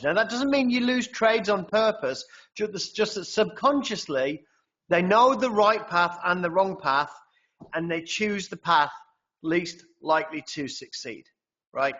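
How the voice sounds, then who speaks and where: A man's voice: sits high, a bit bright, highs cut off. A man presenting a trading webinar in a conversational way, often tagging sentences with "right?". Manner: conversational, frequent tag "right?".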